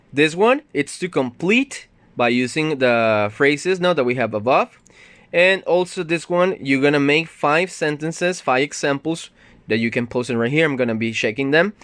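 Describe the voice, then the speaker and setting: Male ESL teacher, mid pitch, patient walkthrough, dry close mic. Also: fairly bright tone, dry recording. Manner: patient, explains step by step with fillers. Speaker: English teacher. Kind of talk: recorded grammar lesson.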